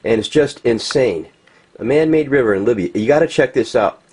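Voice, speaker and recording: A man's voice: medium pitch, animated, brisk, darkish tone, husky. A man from the United States ranting in unscripted commentary, agitated, with many restarts and fillers. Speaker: vlogger. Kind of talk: unscripted commentary over pictures.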